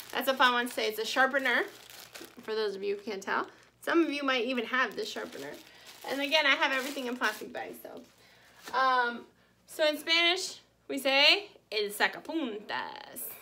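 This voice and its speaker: A woman teaching a Spanish class to children on video, saying each word slowly and carefully and cheering the class on. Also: sits high, vocal fry, bright, forceful tone, a little hiss or hum. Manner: slow, careful modeling of Spanish words; cheerful, encouraging teacher talk. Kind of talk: recorded online class for children.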